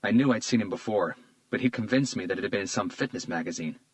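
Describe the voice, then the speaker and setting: A man voicing a weary male police detective who speaks tersely and quietly. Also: on the low side, fast, dry recording, close to an everyday voice. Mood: subdued.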